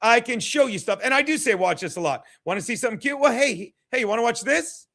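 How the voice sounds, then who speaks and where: High-voiced man on a profane rant. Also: lively intonation, fast talker, creaky, pushed and bright. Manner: rambling, profane, combative, repeats himself. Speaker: stand-up comedian. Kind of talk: profane ranting stream commentary.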